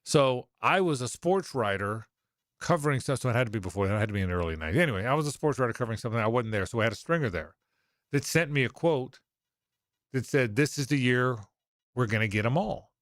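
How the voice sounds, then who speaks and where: A middle-aged man from Jacksonville, Florida, hosts sports talk radio, speaking at a medium pitch with a fast, animated delivery. He tells a long, rambling anecdote, correcting himself as he goes and quoting other people's voices. The studio-quality recording has no room sound.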